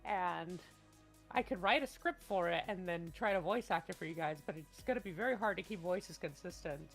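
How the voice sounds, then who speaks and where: A woman acting as game master for a tabletop game chats casually on a voice call, rambling, restarting often, and bursting into loud laughter. Her voice is on the low side at normal speed, with soft background music.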